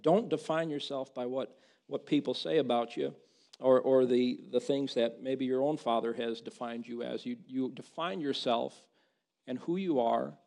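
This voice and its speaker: A man's voice: medium pitch, vocal fry, a little mellow. A man preaching a sermon, reading scripture aloud and repeating words as he builds to impassioned, rising emphasis.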